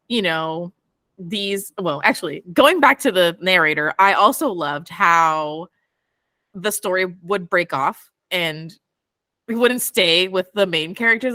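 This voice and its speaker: A young woman hosting a book club chat, animated and quick to laugh. Her voice is bright and forceful. It sounds dry and close. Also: medium pitch, no echo. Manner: animated, laughs often, excitable. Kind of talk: casual chat.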